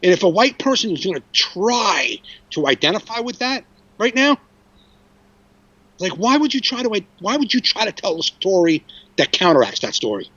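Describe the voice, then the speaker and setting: A man's voice: high voice, sing-song, moderate pace, a bit bright, husky, dry recording, lo-fi sound. A man in his forties, a comedian hosting a podcast, telling a story casually with restarts and swearing. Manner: rambling, frequent restarts and swearing.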